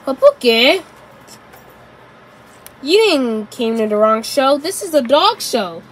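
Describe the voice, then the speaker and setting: Lady putting on a happy flamingo girl, eager and friendly, high and super slow. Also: very animated, noisy background, exaggerated voice. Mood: cheerful. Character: cheerful young female flamingo.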